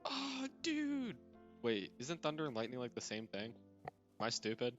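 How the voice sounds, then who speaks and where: Bright, lively man playing a tabletop game. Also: medium pitch, normal speed, muffled recording, soft background music. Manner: stammering, jokey. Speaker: player. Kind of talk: casual tabletop play.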